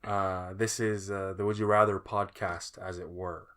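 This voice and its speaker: A young man co-hosting a podcast, joking in a dry, deadpan way and rambling with many fillers. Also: sits low, a little slow. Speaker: podcast co-host. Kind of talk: joking casual podcast chat.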